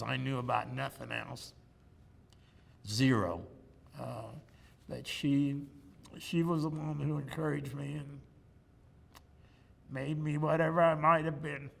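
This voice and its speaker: A man's voice: mid-range voice, fairly even intonation, unhurried, pauses often, a bit bright. An older man telling personal stories in an oral history interview, chatty and joking, on a lapel mic. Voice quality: gravelly. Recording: room with long reverb, faint ambience.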